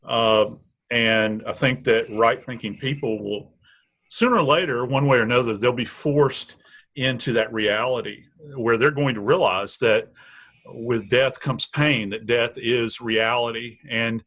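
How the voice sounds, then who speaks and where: A man's voice: medium pitch, measured pace, a bit bright. A man speaking as a death investigator guest in a true crime interview, blunt and emphatic, building his points through repetition.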